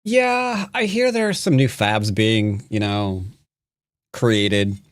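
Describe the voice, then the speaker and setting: Slow-paced and expressive, this mid-range voice belongs to a streamer from the United States. Over a board game, the commentary stays casual and playful, with muttering and humming along.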